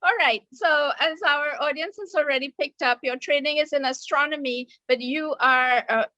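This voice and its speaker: A woman hosting an interview, effusive and quick to laugh as she talks with her guest. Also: sits high, dry recording, lo-fi sound. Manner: warm, effusive, laughing often. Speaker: host. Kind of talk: conversational interview.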